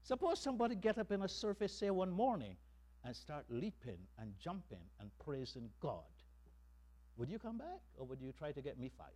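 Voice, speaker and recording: Animated male preacher with lively pitch. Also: normal speed. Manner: animated preaching, rising to loud emphatic calls. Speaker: pastor. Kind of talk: sermon.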